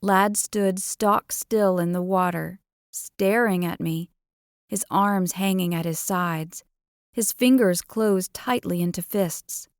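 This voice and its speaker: Lady reading a romance audiobook, playful and expressive, super dry close mic. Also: lowish voice, takes it slowly, no echo. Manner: expressive, playful first-person storytelling. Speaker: audiobook narrator. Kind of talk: first-person romance audiobook narration.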